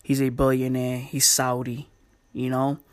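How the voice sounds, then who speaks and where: A woman's voice: a bass voice, completely flat delivery, a little slow, darkish tone. A woman hosting a casual comedy chat, loose and profane, full of slang and rambling asides.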